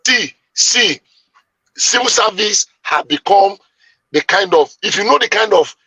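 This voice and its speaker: A man making his case in a heated debate, emphatic and long-winded. His voice is bright and forceful with a husky edge, sitting a little high. The sound is close and dry. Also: animated, measured pace, dry recording, poor audio. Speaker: debate panelist.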